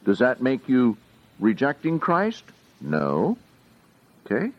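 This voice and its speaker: Preacher guy going slow through bible verses, pitch jumps all over, dull lo-fi sound. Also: wildly swooping pitch. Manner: slow and questioning, asks the audience often. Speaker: pastor teaching a Bible study. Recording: dull lo-fi recording.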